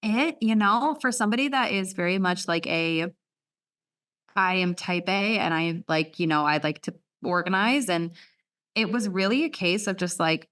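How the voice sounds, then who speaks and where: An animated young woman from the United States chats as a podcast guest, her voice pitched in the middle range for a woman. She tells her story with lively energy, laughing often and restarting her sentences. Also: normal speed. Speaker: guest author. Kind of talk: casual interview storytelling.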